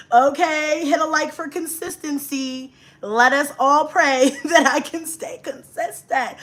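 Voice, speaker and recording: Chatty woman streamer, higher voice. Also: fairly bright tone. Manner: chatty, laughs often, greets viewers by name. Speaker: livestream host. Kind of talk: casual livestream chat with viewers.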